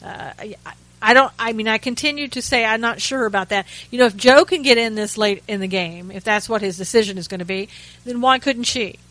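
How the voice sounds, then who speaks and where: A woman hosts a talk radio segment in a chatty, sarcastic commentary style. Her voice is bright and forward, and she often restarts her sentences and drops in wry asides. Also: on the high side, fairly quick, no room sound, rough recording. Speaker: radio host.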